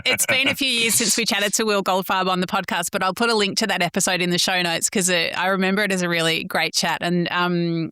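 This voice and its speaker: A woman's voice: on the low side, clear, resonant tone, no room sound, studio quality. Australian woman hosting a food podcast. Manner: relaxed, friendly wrap-up with fillers. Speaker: podcast host. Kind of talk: casual interview chat and scripted outro.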